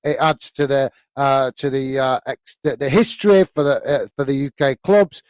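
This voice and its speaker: A man's voice: mid-range voice, normal speed, clean tone, no echo. A man from the UK hosting a live football watch-along, reading viewer comments in a hesitant, friendly way with lots of fillers and calling people mate.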